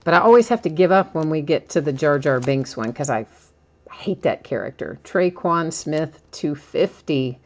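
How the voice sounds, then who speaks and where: A woman's voice: sits low, expressive, normal speed. A woman hosting a live card-breaking stream, chatting casually and laughing often as she reads out each card.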